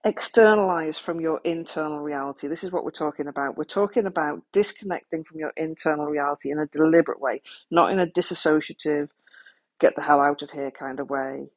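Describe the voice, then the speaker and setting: Woman, lowish husky voice, frank self-deprecating talk, practical coping advice. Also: a little fast. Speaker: speaker on coping with trauma. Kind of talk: candid talk to the listener.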